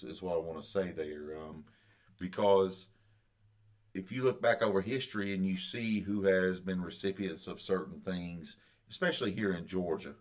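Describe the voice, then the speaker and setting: Podcast co-host, man, very low voice, halting delivery. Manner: halting, many fillers and restarts. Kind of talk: casual chat.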